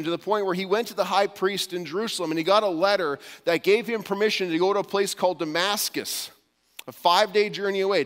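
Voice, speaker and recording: Male pastor, slightly high voice, storytelling sermon, hushed quotes, long hall reverb.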